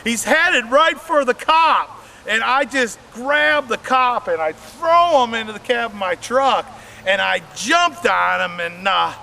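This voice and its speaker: A man's voice: high voice, a little slow, pushed and bright, a little hiss or hum. A man doing a stand-up comedy set, telling rambling stories and talking straight to the audience. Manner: rambling storytelling, addresses audience directly.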